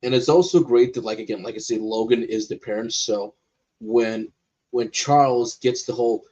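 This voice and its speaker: This man co-hosts a watch party stream, chatting casually about cartoon episodes in an animated way and acting out his own reactions in quotes. His mid-range voice moves at a moderate pace with a breathy edge, and the highs are cut off.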